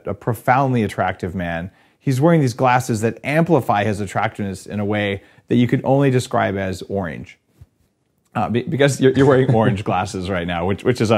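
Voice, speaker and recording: Man, middle-aged, lowish voice, wry teasing podcast host. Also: gravelly, a little mellow. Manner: wry and teasing, stumbles and repeats words. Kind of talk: casual interview chat.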